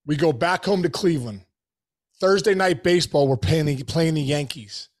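A man hosting a podcast, telling a story casually in animated bursts, full of restarts and "bro" and "dude". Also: fairly high pitch, normal speed.

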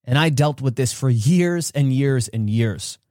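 A man's voice: lively intonation, a little slow, darkish tone, no echo, studio quality. A man hosting a podcast, telling a personal story with emphasis and acting out the voices of those in it. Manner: emphatic, acts out childhood dialogue with rising pitch. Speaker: podcast host.

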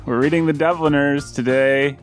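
A man's voice: moderate pace, soft background music. A man hosting a casual podcast, joking and laughing often. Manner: jokey, animated, big pitch swings, laughs often. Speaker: podcast host. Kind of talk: casual chat.

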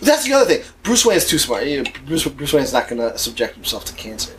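A man's voice: medium pitch, big pitch swings, fast, a little hiss or hum. Profane, laughing podcast co-host man. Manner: profane, emphatic, laughs often. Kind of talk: crude casual banter.

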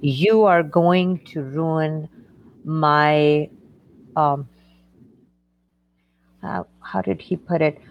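Woman telling a painful story haltingly. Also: low-pitched, dull audio. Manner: halting, with frequent fillers and restarts. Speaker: interview guest. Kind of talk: emotional personal story in conversation.

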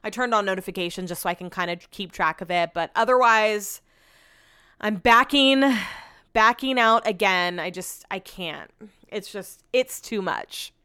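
A young woman hosting a podcast, telling a long personal story in casual, animated chat full of "like" fillers. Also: mid-range voice, a little slow, clear, resonant tone, dry recording, clean studio sound. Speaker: podcast host.

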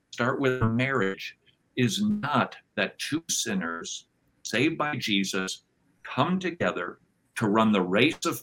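A man with a lowish voice and a bright, forceful edge talks as a podcast guest. He teaches with a sermon-like drive, piling up emphatic phrases and slipping into little acted-out voices when he quotes people. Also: low-quality recording. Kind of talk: conversational interview, sermon-like teaching.

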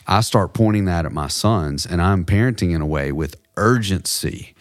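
A man's voice: low-pitched, animated, moderate pace, no room sound. A man co-hosting a faith-based podcast, talking reflectively and telling personal stories with light humor. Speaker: podcast co-host.

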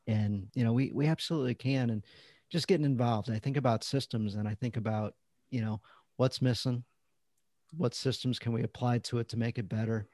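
A man who coaches fathers, talking as a podcast guest in a relaxed, conversational way. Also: medium pitch, no echo. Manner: relaxed, conversational, laughs between stories. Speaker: parenting coach and author, guest. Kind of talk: casual interview chat.

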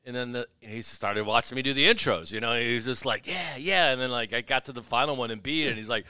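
Guesting on a podcast, a man who announces in arenas swaps casual stories, performing other people's lines with lively animation. He talks fast in a smooth, medium-pitched voice with no room sound.

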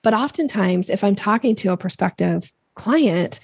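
Husky gravelly woman, lively coach. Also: moderate pace, no echo, studio quality. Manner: animated, acts out quoted voices with big pitch jumps. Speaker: sales coach guest. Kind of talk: podcast interview talk.

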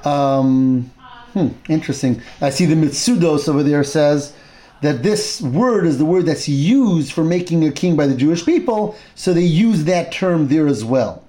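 A man teaching a Torah class, retelling a Bible story with animated storytelling and Hebrew terms mixed in. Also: a little high, unhurried.

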